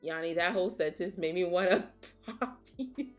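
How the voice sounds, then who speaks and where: Low-voiced woman streamer, frank and profane. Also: normal speed, soft background music. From Nigeria. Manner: frank, swears freely, laughs often while reading chat. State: sniffling after crying. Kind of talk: casual chat.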